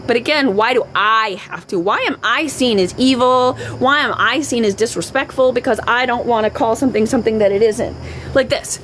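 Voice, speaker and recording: A woman's voice: on the high side, a little fast, a bit bright, slight background noise, poor audio. A middle-aged woman ranting on a live stream, emphatic and repetitive, often swearing. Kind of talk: unscripted live-stream rant.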